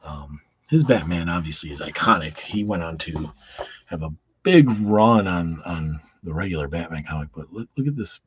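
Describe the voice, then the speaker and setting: A low, husky man talks through a comic book review, rambling and swearing as he goes. He is recorded dry and close. The sound is dull and lo-fi. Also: animated, moderate pace, no room sound. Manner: rambling and profane, with lots of restarts. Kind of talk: casual video review.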